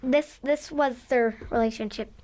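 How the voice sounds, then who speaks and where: A woman's voice: high-pitched, fairly even intonation, measured pace, darkish tone, low-quality recording. A woman co-hosting a podcast, asking questions, teasing and giggling in casual chat.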